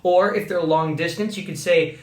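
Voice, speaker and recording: High-voiced male trainer, coaching tone, acts out sample calls, phone-recorded in a roomy space. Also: normal speed. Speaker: sales trainer. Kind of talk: instructional talk to camera. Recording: echoey room, phone mic.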